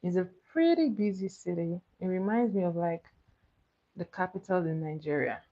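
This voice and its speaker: A woman with a warm, lowish voice and normal pace hosts a makeup livestream. She chats casually with viewers while doing her makeup, answers their comments, and laughs often, though the sound is slightly muffled and dull.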